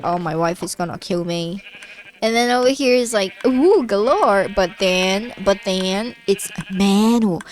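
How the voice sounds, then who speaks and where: A woman's voice: mid-range voice, slight background noise. A woman casually chatting to herself and her viewers while she plays a game, playful and talking to the animals on screen. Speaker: streamer. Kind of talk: casual gameplay commentary.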